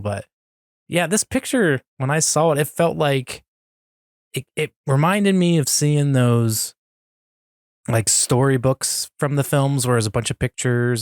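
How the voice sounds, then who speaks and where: A man co-hosting a podcast, chatting casually and excitedly as a fan, with frequent laughs and fillers. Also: medium pitch, no echo, clean studio sound. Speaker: podcast co-host.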